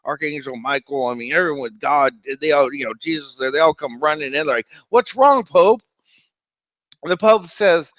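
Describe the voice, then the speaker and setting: A man hosting a casual livestream about the Bible, talking in an animated, exclamatory way and laughing easily. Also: medium pitch, no room sound. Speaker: livestream host. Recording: dull, dry lo-fi sound.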